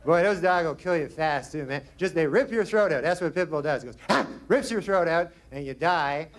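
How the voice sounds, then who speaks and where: Deadpan, rambling stand-up comedian. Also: male voice, on the high side, fairly quick.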